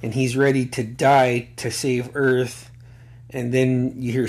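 A middle-aged man hosts his own show in loose, casual chat. His voice sits at a plain mid pitch, and he rambles and stumbles through fillers. He swears freely whenever he gets excited. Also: slow pace. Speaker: podcast host.

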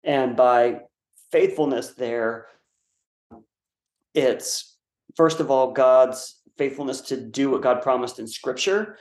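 A man's voice: mid-range voice, steady tone, takes it slowly, long pauses, a little mellow. A man who is a guest author and scholar, thoughtfully explaining ideas in an interview, with fillers and self-corrections. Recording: roomy echo.

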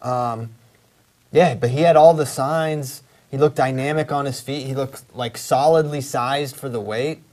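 A man's voice: mid-range voice, fairly even intonation, a little slow, a little mellow. A man hosting a casual sports talk show, opinionated and rambling, with many restarts. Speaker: podcast host.

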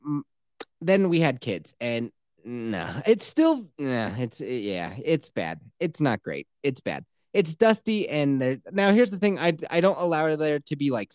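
A man ranting through a casual podcast story, swearing freely as his pitch climbs and drops across a lively range. His voice sits at an ordinary middle pitch and sounds close and dry, with no room echo. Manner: profane, animated ranting storyteller.

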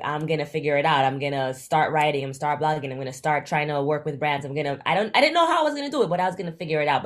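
A young woman from Jamaica, telling her story as an interview guest in a casual, animated way and acting out the dialogue she quotes. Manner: animated, acts out quoted dialogue with big jumps in pitch. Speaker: guest, travel influencer.

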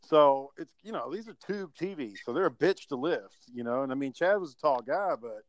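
A man's voice: a little high, lively intonation, moderate pace, no room sound. A man hosting a casual online chat and telling a profane story in a laid-back, chuckling way. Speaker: podcast host telling a story. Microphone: online voice call.

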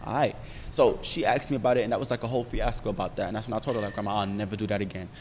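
A young man telling a long personal story in casual chat, profane and animated, often checking in with his listener. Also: mid-range voice, very fast, long reverb tail, slight background noise. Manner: profane, animated storytelling with frequent "you feel me". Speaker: podcast storyteller.

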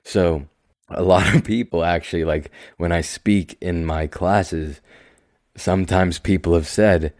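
A young man hosting his own podcast, talking calmly and slowly in a rambling, self-deprecating way. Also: low voice, no room sound, studio quality. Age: young adult. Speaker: podcast host. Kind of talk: casual solo podcast monologue.

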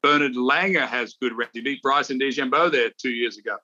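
A man's voice: medium pitch, brisk, pushed and bright, lo-fi sound. A middle-aged man, a golf analyst and former champion, chatting casually and telling rambling anecdotes. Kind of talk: casual podcast chat.

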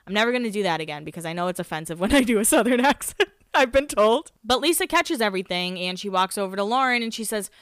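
A woman's voice: medium pitch, expressive, fast, fairly bright tone, no room sound, clean studio sound. A woman hosting a podcast, recapping in casual chat, rambling, swearing and laughing at herself. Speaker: podcast host.

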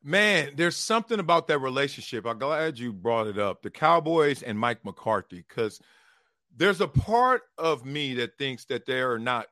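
A man in his thirties, a former pro football player turned broadcaster, telling stories in a casual interview with lively, slangy talk. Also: mid-range voice, normal speed, no echo, clean studio sound. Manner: animated, slangy, acts out quotes with shifting voices.

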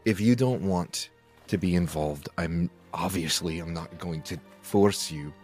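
Earnest low-voiced man, measured in-character delivery. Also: a little mellow, faint music behind. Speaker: player. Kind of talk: tabletop role-play, in character.

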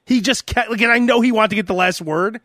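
A man's voice: high voice, quick pace, a bit bright, no echo, studio quality. A man hosting a podcast, chatting casually and acting out phone calls as he tells stories. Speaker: podcast host. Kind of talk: casual chat.

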